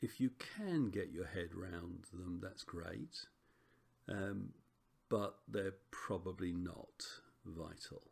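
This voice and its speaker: Low gravelly man teaching. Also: slow. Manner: relaxed, chatty, frequent ums and self-corrections. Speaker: Greek teacher. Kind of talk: recorded lesson walkthrough.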